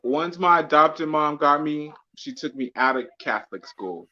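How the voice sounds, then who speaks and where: A man with a somewhat high voice talks in a lively, casual way, and his retellings get excited. The audio is dull and lo-fi, like a cheap mic. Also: normal speed. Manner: animated, bursts into exclaimed retellings. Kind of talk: casual chat.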